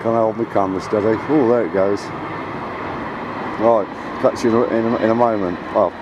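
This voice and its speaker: Out in his garden and on ladders at home, a man who vlogs about radio as a hobby gives casual, rambling commentary to camera, fixing his own words along the way. His voice is on the low side, steady, at normal speed. The handheld camera mic produces a muffled recording with background noise.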